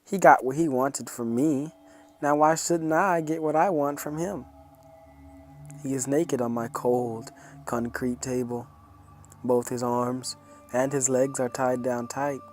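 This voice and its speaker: A man narrating a horror story in a calm, measured reading. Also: medium pitch, soft background music.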